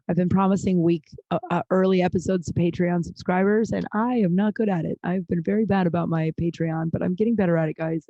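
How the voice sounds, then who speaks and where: A woman's voice: fairly low pitch, mellow, no room sound, dull audio. A woman hosting her own podcast, chatting candidly and rambling with frequent restarts, sounding tired and overwhelmed. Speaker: podcast host. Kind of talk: casual solo podcast chat. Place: small closet at home.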